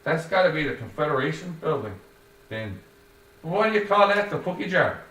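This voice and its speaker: A man's voice: on the high side, big pitch swings, moderate pace, fairly bright tone, pitched above the performer's own voice. Man putting on Joey, an earnest puzzled passenger. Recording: roomy, distant, faint noise.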